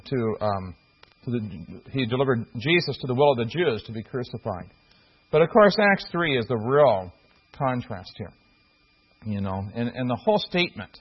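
Husky preacher man, lo-fi sermon. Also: mid-range voice. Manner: earnest, halting with fillers and restarts. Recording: dull lo-fi recording.

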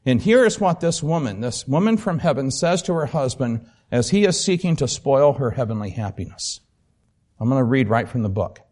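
A man preaching a sermon, explaining earnestly with filler pauses and reading aloud from a book. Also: medium pitch, very animated, darkish tone.

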